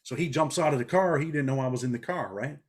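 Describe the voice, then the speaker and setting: Middle aged guy from new york, rapid street talk, telling it straight in an interview. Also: fairly high pitch, husky. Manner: blunt, street-talking, animated storytelling. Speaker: interview guest, former prisoner.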